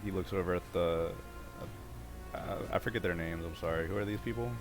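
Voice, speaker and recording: A man's voice: low-pitched, fairly quick, music in the background. A man playing a tabletop game, describing his character's actions hesitantly with many fillers. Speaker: player.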